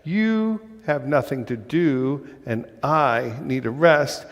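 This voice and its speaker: A man's voice: medium pitch, very animated, takes it slowly, long reverb tail. A man putting on a coaxing lazy mother bird. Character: lazy pushy female bird.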